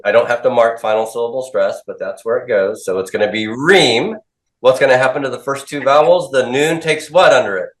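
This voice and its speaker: A mid-range, brisk male voice conducts a class of questions and drills, handing students' answers back to them. The setting is an echoey classroom and the talk is a call-and-response lecture.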